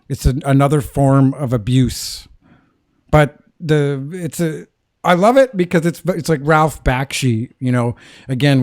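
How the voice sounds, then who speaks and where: A man's voice: medium pitch, darkish tone, no room sound, studio quality. A man co-hosting a casual film discussion, talking thoughtfully with many hedging fillers. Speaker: podcast co-host.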